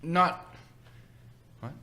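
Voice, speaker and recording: Bright-voiced man telling stories. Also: drawn-out words, a little hiss or hum. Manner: animated storytelling, acts out quotes. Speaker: podcast guest. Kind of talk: casual chat.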